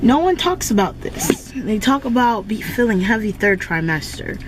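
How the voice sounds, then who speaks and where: A woman's voice: on the high side, sing-song, moderate pace, noisy background. A woman vlogging in a casual, chatty way, talking straight to her viewers. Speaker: lifestyle vlogger. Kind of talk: casual vlog chat to camera.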